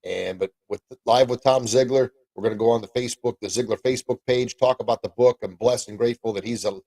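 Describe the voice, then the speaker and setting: A man's voice: mid-range voice, fairly even intonation, fast, darkish tone, no echo, rough recording. A middle-aged man hosting a podcast and live stream in a casual, upbeat, rambling way, full of folksy exclamations. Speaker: podcast host and martial arts coach.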